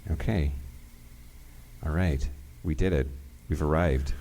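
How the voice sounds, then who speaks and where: A man's voice: rumbling low, slow pace, a little hiss or hum. A man co-hosting a live podcast on stage, playful and laughing as he calls audience members up. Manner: playful, laughing, animated emcee. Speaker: podcast co-host.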